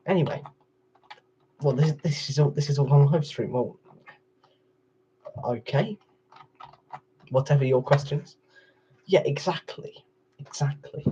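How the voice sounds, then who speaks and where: Muffled, with a little hiss or hum, this recording has an Englishman with a slightly high, mellow voice chatting casually during a gaming stream. He wanders from point to point, bickering with his viewers.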